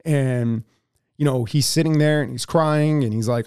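A man's voice: medium pitch, unhurried, a little mellow, clear, resonant tone. A man co-hosting a casual political podcast, talking in a heated, profane way and often repeating words as he stumbles. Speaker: podcast co-host.

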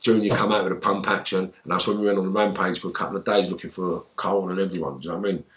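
Talking very fast in a low-sitting voice, a former gangster tells stories as an interview guest in a relaxed setting. He swears heavily and performs his quoted outbursts loudly, animated throughout.

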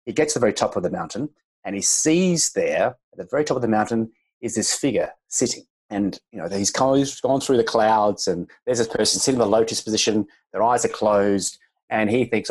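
A man speaks as a guest on a chiropractic podcast. His voice is low and a little husky, and he talks in a relaxed, reflective way. He slips easily into storytelling and calm reassurance. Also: fairly quick, low-quality recording. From Australia.

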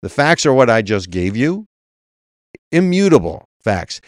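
A man's voice: mid-range voice, big pitch swings, unhurried, dry recording, studio quality. Emphatic male political talk host. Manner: emphatic, reads legal text aloud, repeats words. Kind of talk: political talk show commentary.

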